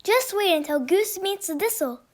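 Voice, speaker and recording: Storybook: woman voicing a cheerful, enthusiastic male duck, high-pitched. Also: lively intonation, normal speed. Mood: eager. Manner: bright, enthusiastic.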